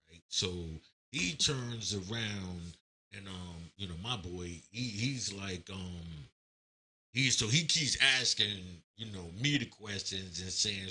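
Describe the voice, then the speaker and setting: A man's voice: lowish voice, slow pace, a little hiss or hum. A man casually telling a story from his time in prison, acting out the voices of the people involved in streetwise slang. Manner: animated, acts out quoted voices, streetwise slang. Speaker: storyteller recounting prison stories.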